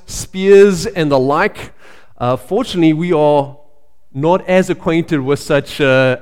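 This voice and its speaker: A male pastor preaching a sermon in a conversational storytelling way, pausing with frequent fillers. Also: a little high, clean tone. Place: church sanctuary. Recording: long reverb of a church hall.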